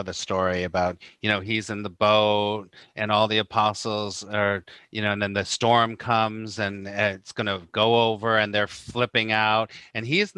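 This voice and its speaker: A middle-aged man, a spiritual teacher, telling stories in an animated, casual way and acting out the people he quotes, with many "you know"s. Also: fairly low pitch, clean tone, no room sound. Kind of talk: casual podcast conversation.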